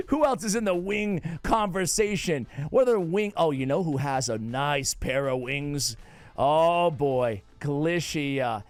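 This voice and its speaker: A playful man with a New England accent talks through a game guide in a casual, joking way. His voice sits a little high, and it now and then bursts into excited shouts. The sound is close and dry, with no room around it. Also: slow pace, dry recording, soft background music. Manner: playful, jokey, sudden excited outbursts. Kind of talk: casual gaming commentary.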